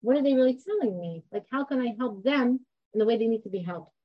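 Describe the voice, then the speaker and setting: A woman in her thirties teaches a class in a conversational, informal way. She often stops to ask her listeners questions. Her voice sits a bit high, and the recording sounds somewhat dull and lo-fi. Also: animated, quick pace. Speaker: Torah teacher. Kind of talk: informal class talk to a group.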